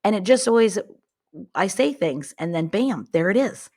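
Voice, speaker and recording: A woman's voice: medium pitch, lively intonation, moderate pace, mellow. A woman co-hosting a podcast, chatting playfully and joking with her sister. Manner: playful, jokey banter. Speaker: podcast co-host. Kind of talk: casual chat.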